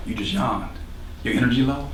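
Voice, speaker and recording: A man giving an energetic, preachy motivational talk to a live audience, quizzing the crowd and joking along the way. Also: mid-range voice, a little fast, slight background noise. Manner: energetic, preachy, questions the crowd, jokes and laughs. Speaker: motivational speaker at a producer workshop. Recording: roomy hall, speaker far from the mic.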